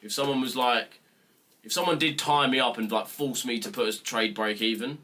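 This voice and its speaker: A man's voice: mid-range voice, moderate pace, sharp tone. A young British man mentoring viewers on a live trading stream, ranting bluntly and swearing freely in casual chat. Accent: British English. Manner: blunt, profane, mock-serious ranting.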